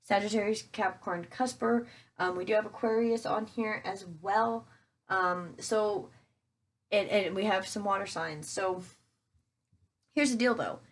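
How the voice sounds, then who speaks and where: A woman's voice: medium pitch, unhurried. A woman doing a casual tarot reading for her viewers, chatty and talking straight to them with plenty of fillers. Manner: chatty, addresses viewers as guys, thinks aloud with fillers. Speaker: tarot reader.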